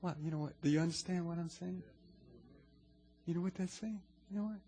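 A man's voice: high-pitched, brisk, dark tone, in a large hall, faint music behind. A man preaching a sermon as pastor, talking conversationally to his congregation and building to emphatic declarations.

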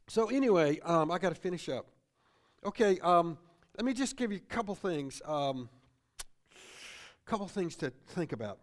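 A middle-aged male pastor delivers a sermon with a high, lively voice that swings up and down. He repeats himself and tags his points with "see?". His delivery is loose and conversational, as if speaking from the pulpit of a church. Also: moderate pace, long pauses. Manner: animated preaching, repeats phrases, tag questions like "see?".

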